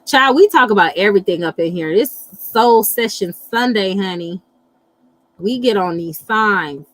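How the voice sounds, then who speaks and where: A middle-aged woman hosting a casual live chat, animated and blunt, swearing freely and reacting to viewer comments. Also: medium pitch, measured pace, poor audio. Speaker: livestream host reading astrology.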